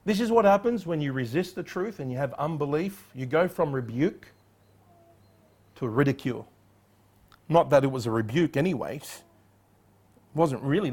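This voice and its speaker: Emphatic preacher man, higher voice. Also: slightly rough. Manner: emphatic, acts out quoted voices. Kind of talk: expository sermon.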